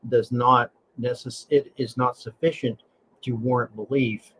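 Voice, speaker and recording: A man talks as a podcast guest in a middle-pitched voice. He explains his reasoning in a measured, deliberate way, with faint noise in the background. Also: fairly even intonation, a bit bright, low-quality recording. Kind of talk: casual chat.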